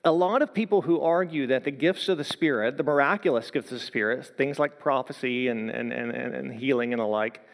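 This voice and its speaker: A man preaching a sermon in earnest, measured phrases, slowing down to stress quoted lines. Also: mid-range voice. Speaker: pastor. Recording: long hall reverb.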